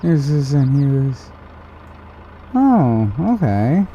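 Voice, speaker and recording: A man talks casually on a game stream, rambling through his stories. His voice is mellow and warm, and a faint hum sits behind him. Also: mid-range voice, very animated, very slow, lo-fi sound. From United States. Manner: rambling storyteller who acts out quoted voices.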